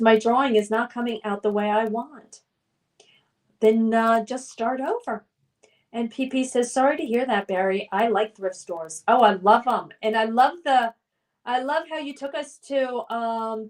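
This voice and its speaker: Chatty higher-pitched woman streamer. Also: a little mellow. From United States. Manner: chatty, reads chat names then responds. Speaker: streamer hosting a trivia game. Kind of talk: casual livestream chat reading viewer comments aloud.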